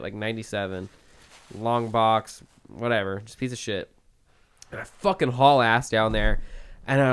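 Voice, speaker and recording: A man's voice: mid-range voice, fairly bright tone, clean tone. A young man co-hosting a podcast, telling a story in a loose, profane, rambling way, full of "like" fillers. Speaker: podcast co-host. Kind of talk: casual storytelling chat.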